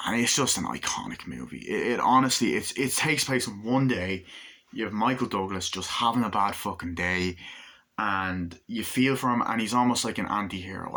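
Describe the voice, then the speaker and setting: A man's voice: fairly low pitch, sharp tone. A man giving a casual, rambling movie review, enthusiastic and swearing freely.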